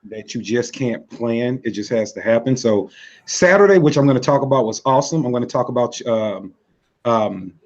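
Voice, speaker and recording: Hoarse, rambling male co-host. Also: mid-range voice, lively intonation, normal speed, dull audio. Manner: rambling, hesitant, many fillers. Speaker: podcast co-host. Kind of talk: casual podcast chat.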